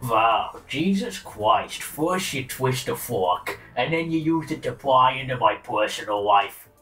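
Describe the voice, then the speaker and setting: A man's voice: medium pitch, lively intonation, unhurried, fairly bright tone, soft background music. Man doing a male troll wannabe greaser, whiny, dramatic, mic a bit far off. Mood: indignant. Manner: overwrought, self-pitying, swears between lines. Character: whiny flirtatious male troll, self-styled greaser poet.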